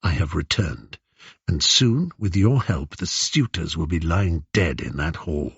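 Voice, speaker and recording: A sly warrior king hiding as a ragged old beggar, speaking low, steady and sure, as a man reads him in an audiobook. The voice is slow and a little husky. The recording is dry and slightly dull. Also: no echo, full character voice. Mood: commanding. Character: cunning hero king, disguised as an old beggar.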